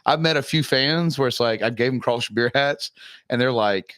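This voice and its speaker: A man's voice: medium pitch, brisk, a bit bright, dry recording. Profane, blunt man hosting. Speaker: podcast host. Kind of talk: casual chat. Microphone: desk podcast mic.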